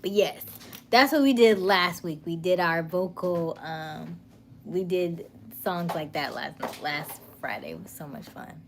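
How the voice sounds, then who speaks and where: A woman's voice: fairly low pitch, animated, unhurried, background noise. A woman hosting a casual live chat, reading viewer comments, laughing often and dropping into whispers. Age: middle-aged. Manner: chatty, laughing, drops to whispers. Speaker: livestream host.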